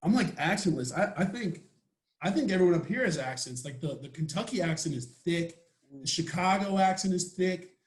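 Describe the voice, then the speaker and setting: A man's voice: high voice, expressive, a little fast. Laid-back young Texan man, roomy sound. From Texas. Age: young adult. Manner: laid-back, rambling, joking. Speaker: college football player guest. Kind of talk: casual podcast interview.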